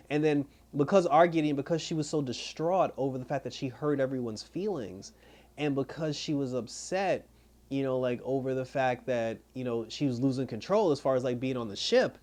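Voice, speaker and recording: A man's voice: mid-range voice, fairly quick, a little mellow. A man reviewing a TV episode in a rambling, casual recap, acting out the characters' lines as he retells them. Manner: rambling retelling, acts out quoted dialogue. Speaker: TV show reviewer.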